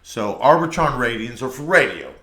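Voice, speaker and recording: A man's voice: medium pitch, sing-song, moderate pace, fairly bright tone. A man hosting a casual solo podcast, talking in a loose, rambling, meandering way. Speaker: podcast host. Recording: echoey room.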